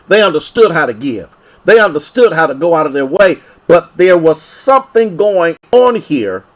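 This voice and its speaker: A male pastor from Ohio preaching a sermon, repeating phrases in call-and-response fashion. His voice leaps widely up and down and sits slightly high for a man.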